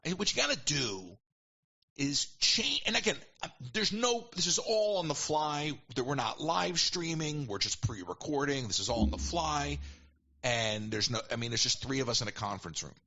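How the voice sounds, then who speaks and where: A man casually telling a long story as a podcast guest, animated and quick to quote people in put-on voices. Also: fairly high pitch, highs cut off. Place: at home.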